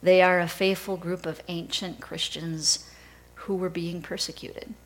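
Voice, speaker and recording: A woman pastor delivers a sermon at a slow, unhurried pace. Her voice sits a little low, and her telling is measured and steady. Faint noise hums behind her. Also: poor audio.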